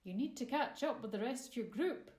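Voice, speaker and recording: A woman voicing a gentle, kindly male mountain giant with a Scottish accent, talking in a warm, reassuring way. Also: on the high side, lively intonation, brisk, close to an everyday voice. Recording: roomy echo.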